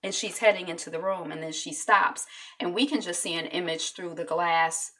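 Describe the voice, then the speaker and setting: A woman's voice: on the low side, normal speed, a bit bright. A woman chatting casually as she recaps a TV episode, full of likes and ums.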